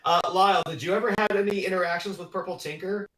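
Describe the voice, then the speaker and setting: A man's voice: sits high, fairly even intonation, quick pace, fairly bright tone, reverberant, low-quality recording. A man hosting a casual talk show interview, asking follow-up questions and laughing easily. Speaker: host.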